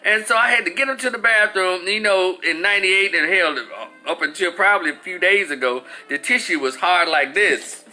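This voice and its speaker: A high-voiced man in his forties rants through a story, swearing freely and acting out the people in it. His tone is very bright and tense, with faint music underneath. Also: moderate pace, hardly any pauses. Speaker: commentator. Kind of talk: profane storytelling rant.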